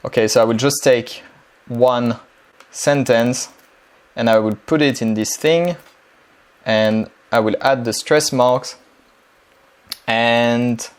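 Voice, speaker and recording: A man, giving a relaxed, chatty screen-share tutorial on building a language-learning dialogue. He explains things casually, often pausing on um and uh. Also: medium pitch, clean tone. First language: French.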